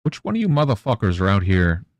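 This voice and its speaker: A man's voice: lowish voice, wildly swooping pitch, fast, dry recording, highs cut off. A man streaming, grumbling, swearing and muttering to himself about his setup. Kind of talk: casual livestream chatter.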